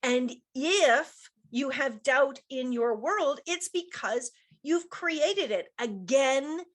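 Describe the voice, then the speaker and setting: Middle-aged woman host, motivational coach, slightly high voice, emphatic and repetitive delivery. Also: expressive, slow. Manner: emphatic, repeats key points, reads chat comments. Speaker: business coach hosting a show. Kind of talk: motivational talk show monologue.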